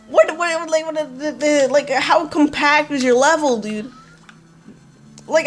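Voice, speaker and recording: A woman hosting a let's play, talking casually and profanely with lots of "like" and "dude". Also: sits high. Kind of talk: gameplay commentary.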